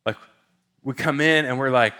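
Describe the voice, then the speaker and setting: A man's voice: medium pitch, normal speed, sharp tone, clear, resonant tone. A male pastor telling a story in a sermon, casual and conversational, with lots of filler words.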